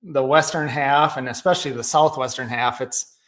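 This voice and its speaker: A man's voice: medium pitch, fairly even intonation, normal speed, fairly bright tone. A middle-aged man with a Minnesotan accent, a podcast guest telling folksy farm stories and laughing often. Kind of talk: casual storytelling chat.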